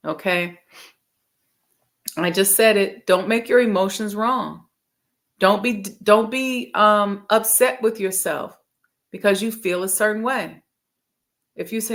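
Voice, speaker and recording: A woman's voice: a little high, steady tone, a little slow, fairly bright tone. A woman emotional intelligence coach giving a casual, direct live-stream talk, reading viewers' comments and speaking straight to her audience.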